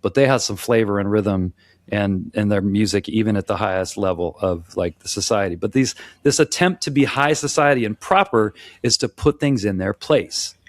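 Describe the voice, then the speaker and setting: His lowish voice moves at a moderate pace on a dry recording. The American podcast co-host keeps the rhythm discussion casual, demonstrating by counting and vocalizing beats, with frequent restarts.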